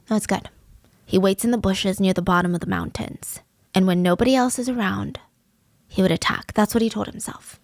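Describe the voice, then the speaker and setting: Woman podcast host, casual true-crime storyteller, gravelly fry, dry close sound. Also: mid-range voice, steady tone, moderate pace, no echo. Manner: conversational, with casual fillers.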